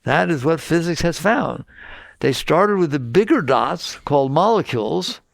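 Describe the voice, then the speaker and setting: An older man giving an informal spiritual talk to a group, asking questions and answering them himself in a lively conversational way. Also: fairly high pitch, measured pace, gravelly, no room sound. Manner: animated, conversational, asks and answers his own questions. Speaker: spiritual teacher.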